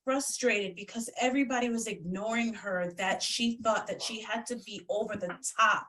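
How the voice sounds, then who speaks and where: A woman's voice: mid-range voice, normal speed, sharp tone. A woman psychic medium chatting casually as a guest on a video call, blunt and swearing freely. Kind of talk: casual chat. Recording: distant from the mic.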